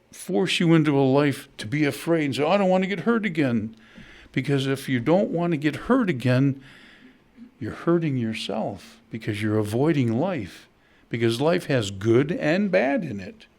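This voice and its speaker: A man's voice: a little high, animated, a little slow, a little mellow. A middle-aged man, preaching a conversational sermon to his congregation and telling stories. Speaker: pastor.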